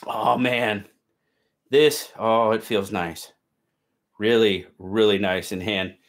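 A man's voice: lowish voice, steady tone, takes it slowly. A man hosting a casual live stream, cheerfully greeting viewers by name and chatting about their gear.

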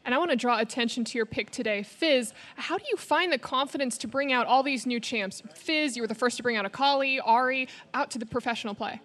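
A woman's voice: high-pitched, brisk, hardly any pauses, a bit bright. A woman interviewing a player after a match, upbeat and polished like broadcast presenting. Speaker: esports interviewer. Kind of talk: post-game interview.

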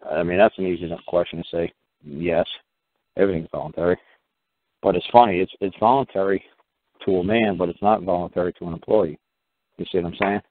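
Guy with a low voice rambling on a call, lots of uh and you know, sounds like a phone line. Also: fairly even intonation, brisk, pauses often, dry recording. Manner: rambling, repeats himself, many fillers. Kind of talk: casual rambling call-in talk.

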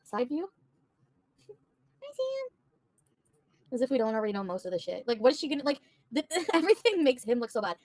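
A woman's voice: fairly high pitch, lively intonation, racing, darkish tone, no echo. A woman livestreaming, bluntly and profanely venting to her chat. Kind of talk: casual livestream rant to chat.

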